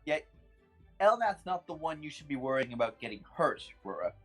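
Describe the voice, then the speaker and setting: Rambling man player, slightly high voice. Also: big pitch swings, a little fast, fairly bright tone, husky, soft background music. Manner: rambling, filler-heavy. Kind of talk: tabletop game play.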